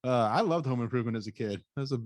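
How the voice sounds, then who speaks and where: Laughing, rambling podcast host. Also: male voice, medium pitch, very fast, dry recording. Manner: laughs often, rambling with many likes. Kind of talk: casual chat.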